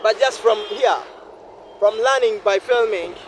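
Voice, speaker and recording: A man with a Ugandan English accent, hoarse from a flu and cough, vlogging in a reflective, repetitive way beside a highway. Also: measured pace. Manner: reflective, repeats phrases, shifts into a deeper voice at times. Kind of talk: casual vlog monologue. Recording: noisy outdoor recording with wind. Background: traffic and wind.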